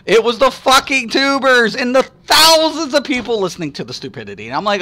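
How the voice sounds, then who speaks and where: A man's voice: high voice, sing-song, brisk, creaky, pushed and bright. A man chatting casually on a live stream, answering viewers at length with rambling, profane rants and lots of fillers.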